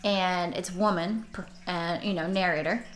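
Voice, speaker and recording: A woman's voice: lowish voice, steady tone, moderate pace. A young woman chatting casually to camera as a book vlogger, rambling with restarts. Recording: roomy echo.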